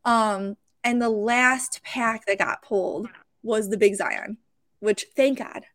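A young adult woman talks through a story from behind the vendor's table, animated and emotional, tripping over her words as she goes. Her voice sits a little high. The sound is dry, with no room echo. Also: slow. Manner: animated, emotional, with many fillers and restarts. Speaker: podcast host and card show vendor. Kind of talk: casual storytelling.

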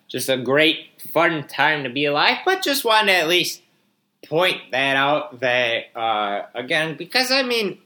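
A man's voice: on the high side, sing-song, unhurried, sharp tone. A young man in his twenties hosting a casual solo podcast, rambling with lots of fillers and sarcastic grumbling while yawning now and then. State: yawning, a bit drowsy. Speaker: podcast host.

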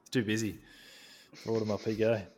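A man's voice: on the low side, level tone, normal speed, darkish tone. Young male podcast co-host, easygoing and talkative, laughs and swears, with frequent restarts. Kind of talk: casual chat.

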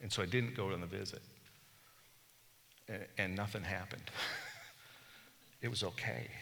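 A middle-aged man preaches a casual, storytelling sermon, poking fun at himself as he goes. His voice sits a little low yet rings bright and forceful. A long reverb trails each phrase, as if he is speaking in a large hall. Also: a little hiss or hum. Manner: candid, self-deprecating storytelling with chuckles. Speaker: bishop preaching. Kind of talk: conversational sermon.

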